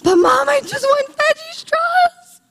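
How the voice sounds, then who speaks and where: Woman putting on a whining little boy, very high-pitched, drawn-out nagging, long hall reverb. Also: sing-song, vocal fry, a bit bright, full character voice. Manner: whining, pleading.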